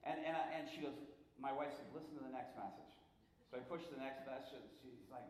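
A middle-aged male pastor telling a story in a sermon, animated and rambling, restarting often and acting out the voices of the people in it. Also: medium pitch, brisk, slight background noise. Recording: roomy hall with faint ambience.

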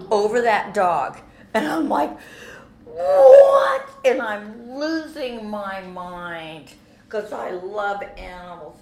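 A woman telling a personal faith testimony as an animated story, with frequent restarts and repeated words. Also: medium pitch, roomy sound, a little hiss or hum. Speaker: speaker giving a personal testimony.

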